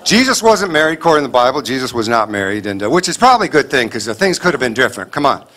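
A man's voice: mid-range voice, very animated, racing, sharp tone. A man doing a clean stand-up set before a live audience, telling punchy stories with mock dialogue. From Kansas City area, US. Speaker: stand-up comedian. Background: audience laughter.

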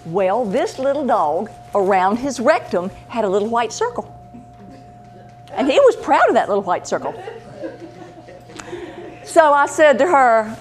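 A woman's voice: on the high side, unhurried, long pauses, slight background noise. Chatty woman animal medium. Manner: chatty, animated, acts out voices in her stories. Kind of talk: casual storytelling talk.

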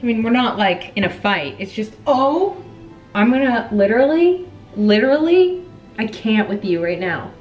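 A woman's voice: medium pitch, animated, moderate pace, few pauses, muffled recording, soft background music. A woman vlogger chatting casually as she bakes in her home kitchen, joking and laughing at herself often. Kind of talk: casual baking vlog chat.

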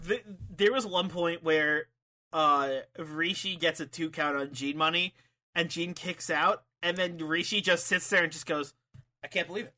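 A man co-hosting a podcast, chatting excitedly about matches, laughing often and restarting his sentences. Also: on the high side, measured pace. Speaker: podcast co-host. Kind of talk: casual chat recapping wrestling matches.

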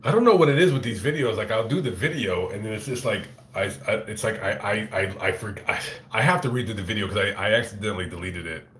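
A man hosting his own livestream, chatting casually and profanely with many halting restarts, on a phone mic. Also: on the low side, fairly bright tone, a little hiss or hum. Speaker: channel host on a livestream. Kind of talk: casual rambling livestream chat. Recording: echoey room.

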